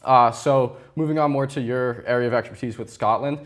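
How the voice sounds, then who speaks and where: Polite teenage interviewer, mid-pitch male. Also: fairly even intonation, fairly quick. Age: teens. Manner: polite, prompting with mm-hmms. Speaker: student interviewer. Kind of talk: student TV interview.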